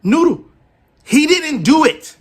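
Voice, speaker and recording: A man's voice: very high-pitched, sing-song, slow pace, soft background music, voice pushed up, exaggerated voice. A man voicing an indignant woman party host with an African accent, protesting sharply as he retells a story.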